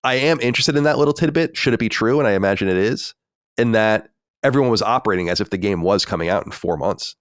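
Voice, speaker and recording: Low-voiced man in casual podcast chat. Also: fast talker, no room sound, studio quality. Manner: talkative, many restarts and fillers. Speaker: podcast co-host.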